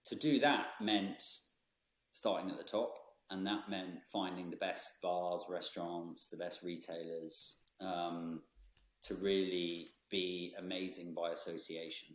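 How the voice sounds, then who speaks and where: A man, a brand founder speaking as a guest in a podcast interview, thoughtful and measured with frequent ums. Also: low-pitched, fairly even intonation, reverberant.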